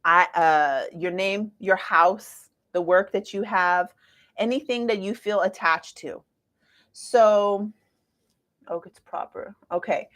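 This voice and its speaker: A woman in her forties giving a casual astrology talk to viewers, chatty and lively with playful asides. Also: mid-range voice, slow. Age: 40s.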